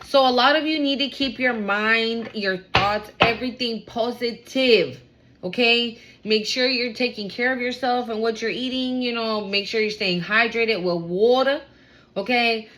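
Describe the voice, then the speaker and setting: This woman's voice sits on the high side as she rattles through a laid-back spiritual reading for her viewers, excitable and peppered with slang and casual cursing. It's a low-quality recording.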